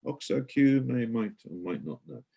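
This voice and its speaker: A man's voice: mid-range voice, lively intonation, normal speed, vocal fry, dark tone, breathy edge. A middle-aged man giving an online guided tour, chatty and explanatory, with many hesitations and fillers.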